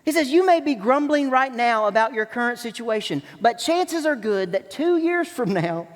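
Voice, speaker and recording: A male pastor preaching a sermon in a church, acting out grumbling voices in an animated way. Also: very high voice, moderate pace, in a large hall. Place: church sanctuary.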